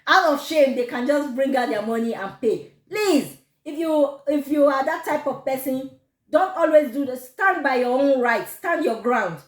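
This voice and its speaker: A woman with a Nigerian accent telling a personal story to camera, animated and quick to laugh. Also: high-pitched. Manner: animated, laughs often, gives advice. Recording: echoey room.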